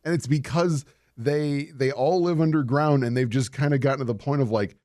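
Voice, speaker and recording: A man's voice: mid-range voice, expressive, normal speed, a little mellow, no echo, studio quality. A man co-hosting a casual podcast, talking enthusiastically and rambling with many fillers. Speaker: podcast co-host. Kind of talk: casual chat.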